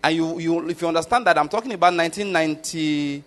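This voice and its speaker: A man's voice: a little high, quick pace, a bit bright. A middle-aged man with a Nigerian accent preaching a conversational sermon, often stopping to ask whether his listeners follow. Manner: keeps checking if listeners follow.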